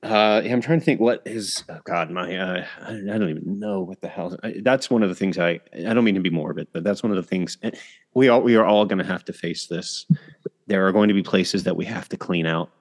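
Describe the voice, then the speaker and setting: A low-pitched man hosting a podcast. He rambles and trips over himself, breaking into laughter as he goes. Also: fairly quick. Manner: rambling, self-interrupting, laughs often. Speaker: podcast host. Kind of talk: casual podcast chat.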